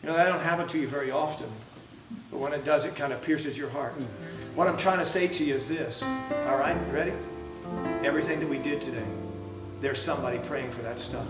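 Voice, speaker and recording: Man, preacher, storytelling sermon, lively, asks the audience questions, recorded from afar. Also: a little high, fairly quick. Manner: animated storyteller who acts out quoted speech. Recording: roomy hall recording from a distance, faint music.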